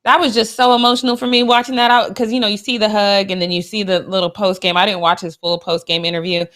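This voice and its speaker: A woman's voice: medium pitch, flat delivery, fast talker, a bit bright. A woman co-hosting a sports talk show, gushing and emotional, with sassy trash talk. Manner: gushing and emotional, with frequent laughs. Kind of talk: casual sports chat.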